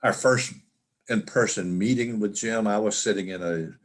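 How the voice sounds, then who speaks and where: An older man telling a personal story as an interview guest over a video call, halting and restarting often. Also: lowish voice. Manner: halting, with frequent restarts and fillers.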